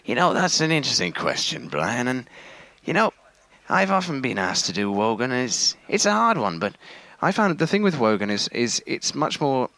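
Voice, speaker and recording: A man's voice: medium pitch, sing-song, moderate pace, sharp tone. Guy chatting on a radio show, voice jumps up and down a lot, keeps laughing. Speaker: impressionist guest. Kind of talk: radio interview chat.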